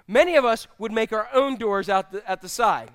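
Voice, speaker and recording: A man's voice: high voice, normal speed, clear, resonant tone. A male pastor preaching a conversational sermon, speaking directly to his congregation. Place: church.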